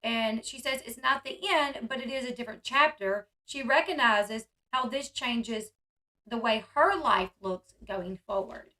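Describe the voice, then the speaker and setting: Woman, vlogger, casual commentary, chatty with fillers, bright tense tone, slightly high voice. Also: measured pace. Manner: chatty, filler-heavy with frequent "like" and "um". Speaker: vlogger reacting to a reality show.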